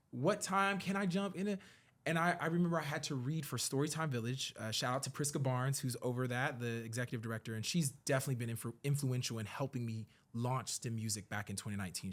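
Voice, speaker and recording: Male podcast guest, animated storyteller, earnest, acts out dialogue. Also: mid-range voice. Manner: earnest and reflective when talking about his work and faith. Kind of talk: conversational storytelling.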